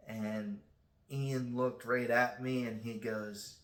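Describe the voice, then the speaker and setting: A man hosting his own channel, telling a personal story in a casual, halting way with many restarts. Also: medium pitch, level tone, reverberant. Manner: self-described shy. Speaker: channel host.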